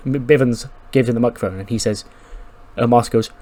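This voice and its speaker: Brief: casual male game commentator, animated and profane, middle pitch. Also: fast talker. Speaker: gaming commentator. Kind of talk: casual let's-play commentary.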